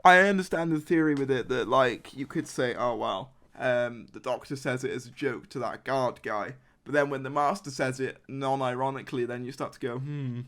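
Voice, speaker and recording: A man's voice: mid-range voice, fairly quick, hardly any pauses, fairly bright tone. A man hosting a casual podcast chat, rambling with lots of fillers and laughs. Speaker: podcast host.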